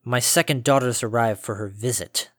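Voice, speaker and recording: A man's voice: mid-range voice, moderate pace, fairly bright tone, dry recording, studio quality, lightly acted. A man voicing a stern old male pony farmer in a storybook reading, speaking with a scratchy, lethargic drone and formal curtness. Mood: dour. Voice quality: scratchy, droning.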